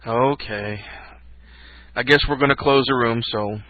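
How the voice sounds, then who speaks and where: A man rambling hesitantly and joking about himself on a casual talk show. His pitch is ordinary. The audio is dry and thin, like a phone line. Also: measured pace, no echo. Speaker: co-host. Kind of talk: casual chat.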